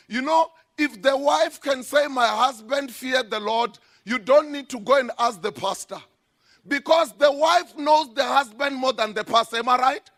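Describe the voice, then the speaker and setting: A man preaching a sermon as a pastor in a church, emphatic, with sudden shouted lines. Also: extremely high pitch, measured pace.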